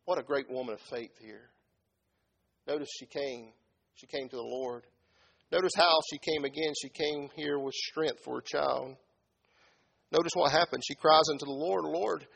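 A middle-aged man preaching a sermon in a folksy way, dropping from quiet talk to loud shouted peaks. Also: medium pitch, vocal fry, highs cut off.

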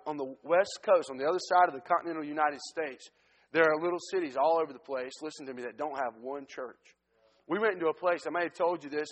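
A man giving an earnest testimony sermon as a missionary preacher, often restarting his sentences. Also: a little high. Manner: earnest storytelling, frequent restarts. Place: church sanctuary. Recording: long church hall reverb.

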